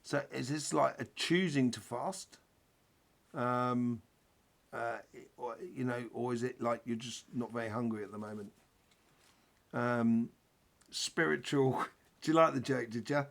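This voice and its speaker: Gravelly man, chatty spiritual host. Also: mid-range voice, unhurried, pauses often. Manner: rambling, chatty, with frequent restarts and jokes. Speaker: spiritual teacher hosting a live Q&A. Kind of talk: casual live-stream talk.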